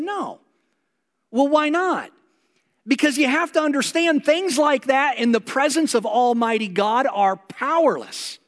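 A man preaching a sermon as a pastor, telling a Bible story with animated delivery and acting out the lines of its characters. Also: very high voice. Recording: long reverb of a large hall.

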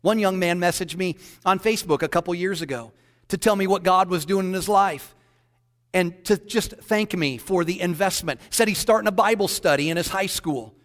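Man, pastor, sermon storytelling, slightly high voice, echoing hall. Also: moderate pace. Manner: animated storyteller, quoting others in dialogue.

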